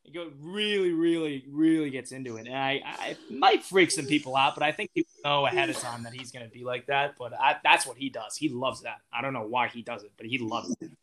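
A man's voice: medium pitch, fairly quick, fairly bright tone. A young man as an interview guest, talking in a casual, rambling way with lots of fillers and restarts. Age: young adult.

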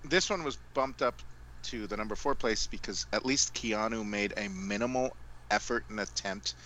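A man's voice: on the low side, moderate pace, bright, forceful tone, slight background noise, poor audio. A man co-hosting a casual podcast chat, rambling through asides and correcting himself as he goes. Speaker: podcast co-host.

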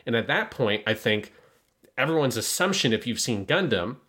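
A man casually breaking down an anime episode, animated and analytical, with many fillers. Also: mid-range voice, normal speed. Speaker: podcast co-host.

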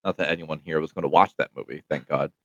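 A man's voice: rumbling low, fast, dry recording. A man co-hosting a casual podcast chat, opinionated and rambling with lots of fillers. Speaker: podcast co-host. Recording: dull lo-fi sound.

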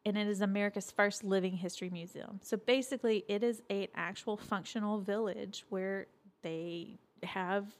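A woman's voice: mid-range voice, steady tone, normal speed. A woman co-hosting a travel show, chatting casually and explaining places in an easygoing way. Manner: chatty, laughs easily, explains facts.

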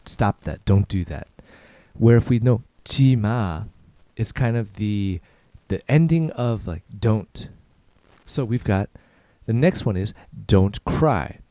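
A man hosts a casual podcast language lesson, his tone warm and mellow and his pitch swinging lively up and down. He repeats each short phrase slowly, then faster. The sound is close and dry, with no room echo. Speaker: podcast host and Korean teacher.

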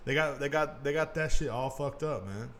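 A man's voice: medium pitch, normal speed, a little hiss or hum. A man hosting a casual podcast, ranting in a profane, rambling way and mocking people in put-on voices. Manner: gets loud and worked up. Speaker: podcast host. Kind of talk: casual rant.

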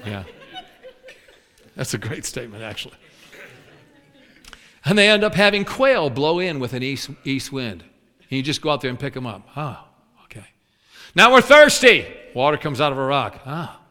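A man preaching a sermon, animated, acting out the complaining voices of the people in his story. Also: mid-range voice, moderate pace, long pauses. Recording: long hall reverb.

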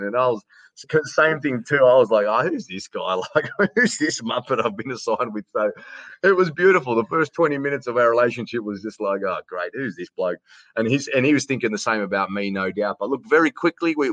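A man's voice: mid-range voice, a bit bright, no echo, dull audio. A man with an Australian accent, a ring announcer telling stories in a casual interview, chatty, often restarting and calling the host "mate".

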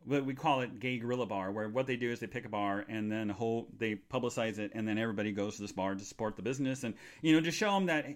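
A middle-aged man hosting a live podcast, rambling excitably and squealing at the high points. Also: fast, few pauses. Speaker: podcast host.

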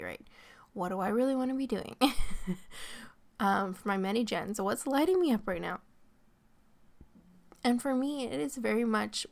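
A woman's voice: medium pitch, gravelly. A woman hosting her own podcast, talking casually, laughing often and saying "like" a lot. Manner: chatty, laughs often, peppers speech with "like". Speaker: podcast host. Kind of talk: casual solo podcast talk.

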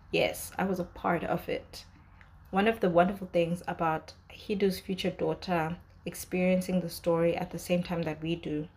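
Young adult woman, casual reviewer, low-ish voice, emotional and rambling. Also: a little mellow. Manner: emotional, talkative, many fillers and restarts. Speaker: drama reviewer. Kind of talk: casual commentary.

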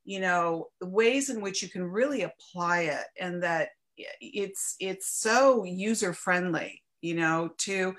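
A woman's voice: fairly low pitch, fairly bright tone. A woman hosting an interview, speaking thoughtfully and affirming her guest, with a few fillers. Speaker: interviewer, host. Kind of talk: conversational interview.

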